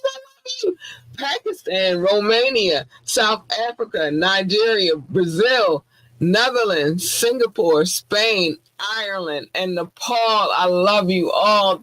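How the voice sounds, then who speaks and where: A woman's voice: on the low side, dry recording. A woman hosting a podcast in a casual chat, gushing and giggly as she thanks listeners. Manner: effusive and gushing, with giggly squeals. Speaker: podcast host.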